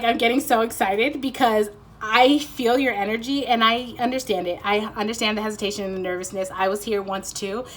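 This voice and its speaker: Excitable woman giving a card reading. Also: fairly high pitch, poor audio. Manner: excitable, rambling, breaks off and apologizes. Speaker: tarot card reader. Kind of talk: spontaneous intuitive card reading.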